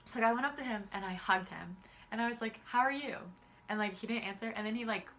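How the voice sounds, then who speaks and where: A woman's voice: medium pitch, fast, fairly bright tone, slight background noise. A young woman vlogger telling a story in casual, rambling chat, using "like" constantly. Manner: chatty, rambling, heavy use of "like".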